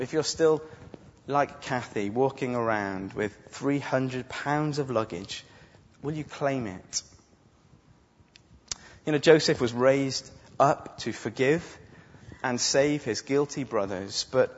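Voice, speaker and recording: A man preaching an impassioned, emphatic sermon, acting out quotes as he goes. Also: mid-range voice. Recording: dull sound with long hall reverb.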